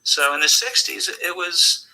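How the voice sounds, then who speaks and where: Older man from the United States, interview guest, animated and jokey, tense forceful edge, hushed asides. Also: high voice, unhurried, low-quality recording. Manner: animated, jokey storyteller with sudden drops to a hushed tone. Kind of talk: conversational storytelling.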